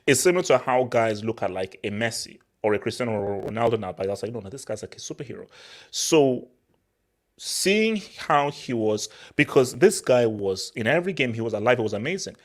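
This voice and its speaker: Excitable man on football, from Nigeria. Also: mid-range voice, normal speed. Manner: excitable, repeats words and restarts often. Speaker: football channel host. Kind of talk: casual football commentary monologue.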